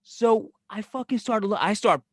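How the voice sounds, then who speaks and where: A higher-pitched man with a New York accent tells profane stories on a podcast, acting out every quote and laughing as he goes. The sound is dry and close, with no room echo. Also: normal speed. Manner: animated storyteller, acts out quotes, profane, laughs often. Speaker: podcast co-host. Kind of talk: casual podcast banter.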